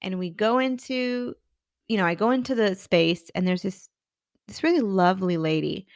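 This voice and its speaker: A woman's voice: mid-range voice, moderate pace, no echo, studio quality. A woman in her thirties, a career coach and podcast host, telling her own story candidly and acting out her past thoughts. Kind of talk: personal storytelling.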